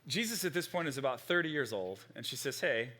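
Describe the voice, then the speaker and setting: A middle-aged male pastor preaching a sermon in a conversational, animated way, with frequent restarts. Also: mid-range voice, quick pace.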